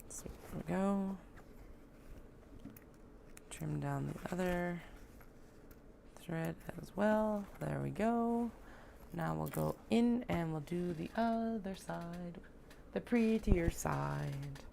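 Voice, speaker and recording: A woman's voice: on the low side, takes it slowly, creaky, long pauses, warm tone, slight background noise. A woman talking casually as she sews, joking and chatting to herself while she works in a home sewing room. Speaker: sewing vlogger.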